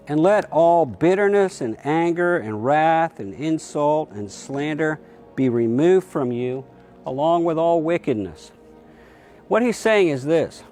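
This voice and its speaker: A middle-aged pastor giving a short, plainspoken sermon and acting out quoted voices. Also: male voice, darkish tone. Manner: acts out quotes with raised pitch.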